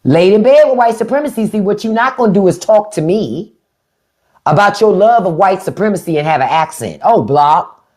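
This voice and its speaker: Profane, animated woman ranting on a livestream. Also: mid-range voice, moderate pace. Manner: profane, combative, sarcastic. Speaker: livestream host. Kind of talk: unfiltered live-stream rant.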